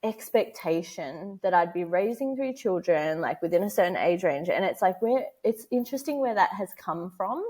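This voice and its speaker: A woman's voice: fairly low pitch, lively intonation, moderate pace, hardly any pauses, darkish tone, husky. A woman in her thirties, a podcast guest, chatting casually and laughing often as she acts out the people in her story. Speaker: podcast guest, motherhood educator.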